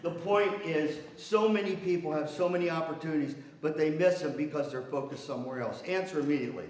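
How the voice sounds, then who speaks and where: A man's voice: fairly high pitch, fairly quick, darkish tone. An older man giving a playful motivational talk as guest speaker at a university, teasing the audience. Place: university hall. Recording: roomy hall from far off.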